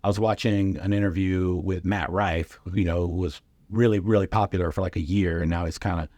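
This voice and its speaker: Animated storyteller man, low dry voice. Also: brisk, dry recording. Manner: animated anecdotes with lively impressions, frequent fillers. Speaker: guest comedian and radio host. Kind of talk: casual storytelling.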